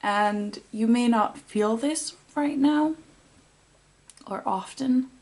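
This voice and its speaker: A woman giving an intuitive tarot reading to her viewers, talking in a soft, heartfelt and rambling way. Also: medium pitch, gravelly. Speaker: tarot card reader.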